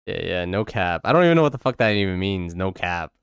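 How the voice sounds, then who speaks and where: A man hosts a casual drawing livestream with a smooth, clear voice. He jokes and sounds exasperated, swearing freely as he chats. The recording is close and dry. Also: deep voice, animated, fast, no room sound. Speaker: livestream host. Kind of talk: casual chat while drawing.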